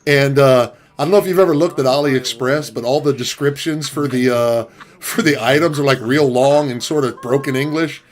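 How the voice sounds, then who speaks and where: A man's voice: medium pitch, normal speed. A man streaming and chatting casually, rambling and distracted as he looks something up, swearing now and then. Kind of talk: casual chat. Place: game stream at home. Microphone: desk mic.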